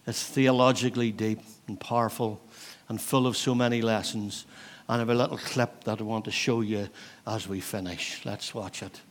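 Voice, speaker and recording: A man's voice: lowish voice, fairly even intonation, slight background noise. Earnest man in his sixties preaching. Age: 60s. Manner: earnest, exhortative, with thoughtful pauses. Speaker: pastor. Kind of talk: sermon. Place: church.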